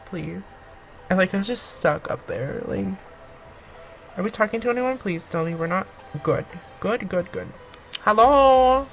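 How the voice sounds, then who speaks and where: A woman's voice: mid-range voice, vocal fry, fairly bright tone, poor audio. Young woman gaming, squeals and gasps a lot, begs the game, faint music behind. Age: young adult. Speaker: gaming YouTuber. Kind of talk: let's-play commentary.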